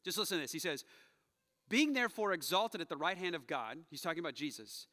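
A man's voice: on the high side, expressive, fast, bright, forceful tone, big-room sound. A male pastor preaching a sermon in a church, telling the story with animation and acting out quoted voices. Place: church sanctuary.

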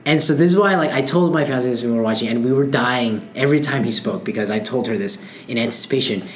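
A woman in casual podcast chat, telling an animated anecdote. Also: rumbling low, fast, echoey room, a little hiss or hum. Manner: animated storyteller. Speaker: podcast co-host.

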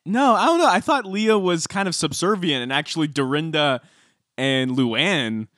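A man co-hosting a podcast in casual chat, animated, arguing his own take on the scenes. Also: fairly high pitch, normal speed, dry recording, clean studio sound. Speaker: podcast co-host.

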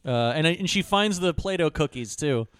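A man's voice: fairly high pitch, expressive, normal speed, fairly bright tone, smooth, dry recording. A man co-hosting a podcast in casual movie chat, dropping short dry asides. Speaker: podcast co-host.

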